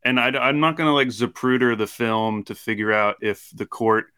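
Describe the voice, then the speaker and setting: A man's voice: mid-range voice, moderate pace, sharp tone, clean tone, dry recording, clean studio sound. A man co-hosting a sports podcast, chatting casually and repeating words as he starts his thoughts. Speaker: podcast co-host.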